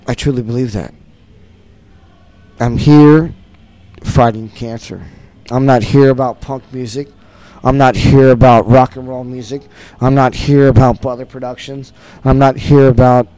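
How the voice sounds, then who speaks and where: A man's voice: medium pitch, dark tone, no room sound. A middle-aged man, a concert producer, talking earnestly and repetitively in a festival interview.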